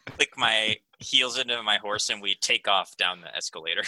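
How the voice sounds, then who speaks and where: A young man playing a tabletop role-playing game, describing his character's actions with animated, self-mocking humor. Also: lowish voice, normal speed, no echo, poor audio. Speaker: player.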